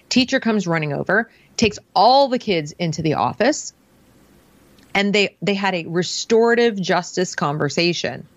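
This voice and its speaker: Mom in her 40s telling a story, animated, acts out the quotes, kinda muffled dry recording. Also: mid-range voice, dry recording. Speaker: parent interviewee. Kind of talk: conversational storytelling. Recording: dull, slightly muffled dry sound.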